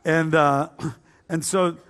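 A man's voice: on the high side, fairly even intonation, takes it slowly, a bit bright, clean tone. A man preaching a humorous testimony sermon, telling his story with self-mocking jokes and frequent filler uhs. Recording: long hall reverb.

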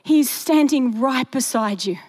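A young woman preaching a sermon in a chatty storytelling way with animated asides. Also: high-pitched, unhurried.

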